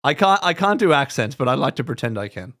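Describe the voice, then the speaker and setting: Animated man chatting on a livestream. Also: medium pitch, fast. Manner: animated, laughs often, trails off and restarts. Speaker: podcast host. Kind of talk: casual live-stream chat.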